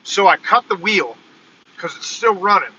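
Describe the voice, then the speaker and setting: Male vlogger, animated storyteller, bright slightly high voice, dull phone audio. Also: moderate pace, a little hiss or hum. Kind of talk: casual storytelling vlog. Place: in a car, then walking outdoors.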